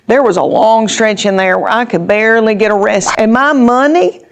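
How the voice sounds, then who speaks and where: A woman's voice: on the high side, normal speed, vocal fry. A woman, a stand-up comedian telling stories in an interview in a chatty, rambling way full of restarts. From Tennessee, USA. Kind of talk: interview storytelling.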